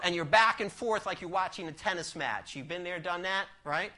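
A man's voice: high voice, normal speed, few pauses, sharp tone. A man preaching a sermon, emphatic, asking the congregation rhetorical questions and telling a story.

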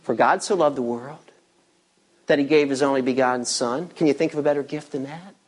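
A pastor preaching a sermon with emphatic delivery, swinging between loud bursts and hushed lines, with teasing asides to the congregation. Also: male voice, mid-range voice, brisk.

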